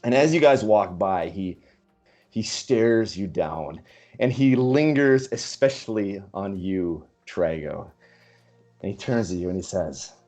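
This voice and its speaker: Guy game-mastering a tabletop game, lively voice, rambly, faint music behind. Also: deep voice, takes it slowly. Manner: rambling with many fillers and restarts.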